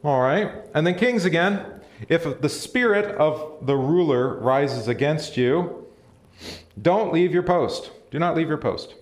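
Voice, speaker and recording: A pastor leads a casual Bible study, addressing the room, reading passages aloud, posing questions and chuckling as he goes. His voice is fairly high and animated, and his pace is measured. It's picked up by a live stream mic in a church or classroom.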